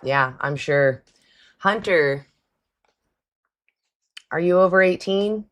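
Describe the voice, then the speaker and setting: A woman's voice: on the low side, expressive, slow pace. A woman hosting a live call-in stream, talking bluntly and mockingly to callers. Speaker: livestream host taking callers.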